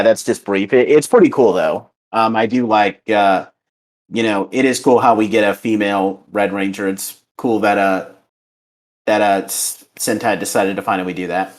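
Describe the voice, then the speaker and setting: A man hosting a casual podcast review, rambling and enthusiastic with many fillers and restarts. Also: on the low side. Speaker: podcast host.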